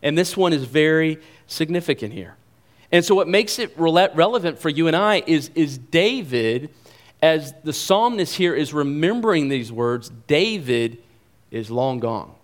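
A man preaching to a congregation, his voice sitting a bit higher than most men's. He talks in a lively, conversational way, repeating key phrases to drive them home. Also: measured pace. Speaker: pastor. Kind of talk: sermon.

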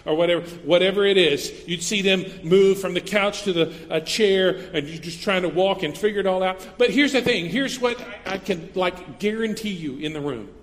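A male pastor delivers a sermon in a relaxed, conversational style, now and then slipping into quick acted-out voices. His voice sits notably high for a man. It rings out with the long reverb of a large hall. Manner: conversational, animated, acts out little quoted voices.

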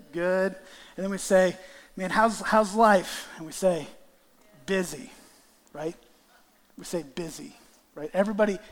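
A man preaching a sermon and acting out a lively illustration with volunteers on stage, calling out playful greetings. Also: sits high, long reverb tail. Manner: animated, acts out greetings with volunteers. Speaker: guest preacher. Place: church sanctuary.

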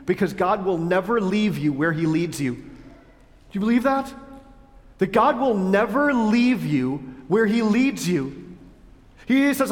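A man with a high voice delivers a sermon in a church, animated and conversational, acting out God's words and the grumbling of his listeners. His voice rings with the long reverb of a large hall. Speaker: pastor.

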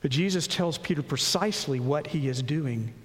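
Male pastor, high voice, expressive sermon delivery, echoing sanctuary. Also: normal speed. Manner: expressive preaching, acting out quoted voices. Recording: long hall reverb.

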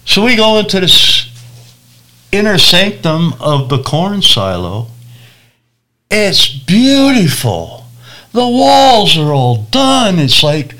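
A man preacher telling a personal story in a lively, animated way, acting out the voices of people in it. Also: sits high, slow pace. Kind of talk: storytelling testimony.

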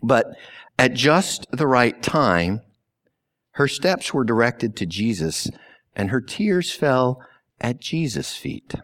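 A man preaching a sermon slowly and deliberately, with long pauses and sudden drops to a hush. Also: mid-range voice, big pitch swings. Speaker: pastor.

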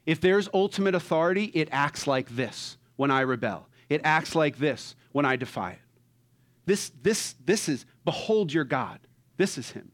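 Guy preaching, acting out movie bits, goes loud then real quiet, voice a bit high and bouncy. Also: moderate pace. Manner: animated, acts out movie characters, swings from loud to hushed. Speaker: pastor. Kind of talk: sermon.

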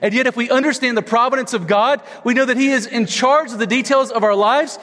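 A man, probably in his thirties, preaching a sermon as pastor, telling personal stories in a conversational way with big swings between loud, high moments and low, quiet ones. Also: brisk, big-room sound. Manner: conversational storytelling with wide swings in pitch.

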